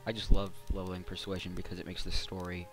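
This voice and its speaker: A man's voice: sits low, monotone, fast. A young man casually commenting on a role-playing game as he plays, joking and muttering through menus. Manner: chatty, joking, mutters menu choices. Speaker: let's play gamer. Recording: voice over loud game music.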